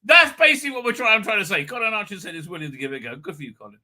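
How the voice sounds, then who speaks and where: A middle-aged man hosting a casual livestream, rambling, chatty and quick to laugh as he reads viewer comments. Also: sits high, very animated, pushed and bright. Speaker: livestream host. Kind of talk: casual live chat, reading viewer comments.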